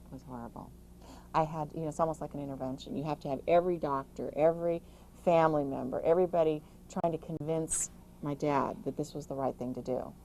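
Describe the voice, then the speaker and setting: A middle-aged woman, an author, giving emphatic, rapid-fire caregiving advice in an interview, with frequent restarts. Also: deep voice, fairly even intonation, warm tone, slight background noise, low-quality recording. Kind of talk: interview answers.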